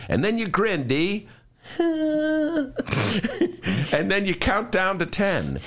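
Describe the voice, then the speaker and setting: A man's voice: fairly high pitch, sing-song, unhurried, fairly bright tone. An older man hosting a radio talk show, chatting casually in a joking, ranting way.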